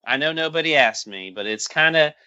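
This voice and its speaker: Sarcastic rambling man, bright and dry. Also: fairly high pitch, expressive, brisk, no echo, lo-fi sound. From American South. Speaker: podcast host. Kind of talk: casual movie-review chat.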